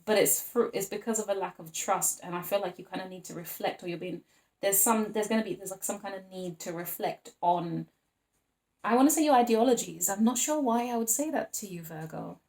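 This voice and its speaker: Female tarot reader, mid pitch, chatty and animated. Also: a little fast. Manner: chatty and animated, acts out little scenes, laughs often. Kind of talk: casual tarot reading to viewers.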